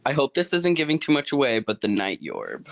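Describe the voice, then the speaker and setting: A male guest talks in a playful, animated way and laughs often. His pitch swings widely, rising and falling. His voice sits in a mid range. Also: fairly quick, gravelly. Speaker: interview guest, game cast member. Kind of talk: casual video interview.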